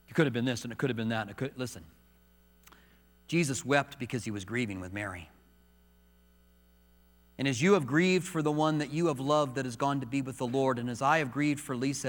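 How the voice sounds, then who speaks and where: A man preaching a sermon as pastor, moving between soft, hushed confiding and raised, emphatic preaching in a church sanctuary. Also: mid-range voice. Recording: long reverb of a large hall.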